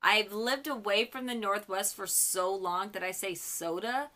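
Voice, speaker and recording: A woman's voice: medium pitch, unhurried, sharp tone. A young woman from Michigan, recapping a TV episode in a gushing, chatty way as host of her fan channel. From Michigan, US Midwest.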